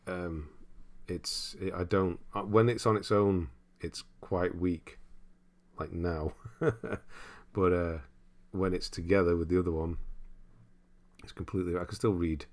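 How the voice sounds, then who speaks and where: A young man hosting a casual gaming livestream, working through viewer comments in a relaxed, rambling way. His voice sits low, and he breaks into laughter often as he chats. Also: unhurried. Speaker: streamer host.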